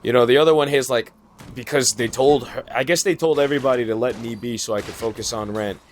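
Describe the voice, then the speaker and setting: A man's voice: medium pitch, fast talker, a little hiss or hum. A man, new at his office job, venting in a rambling, frustrated way, swearing often and restarting his sentences. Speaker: new data entry worker. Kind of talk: casual venting monologue.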